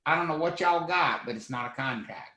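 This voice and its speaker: A man's voice: on the high side, a little fast, bright, forceful tone, echoey room, rough recording. A man voicing an exasperated judge who bluntly dismisses a case. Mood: fed up.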